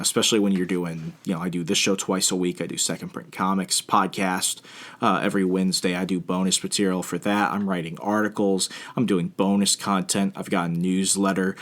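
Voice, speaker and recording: Deep-voiced guy hosting a podcast, casual advice talk, lots of ums and restarts. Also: a bit bright. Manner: rambling, filler-heavy, self-deprecating. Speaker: podcast host.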